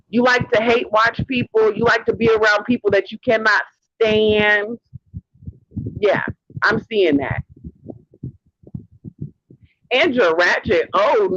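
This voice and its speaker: A man's voice: sits high, bright, forceful tone, no echo. A man hosting a livestream, delivering a heated rant in a sassy, profane way and calling people honey. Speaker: livestream host. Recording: dull lo-fi stream audio.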